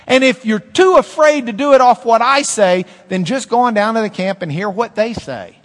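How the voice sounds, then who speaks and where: Animated male preacher in a hall. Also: very high-pitched, normal speed. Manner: animated, repetitive preaching with swings between loud and hushed. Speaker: pastor. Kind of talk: sermon.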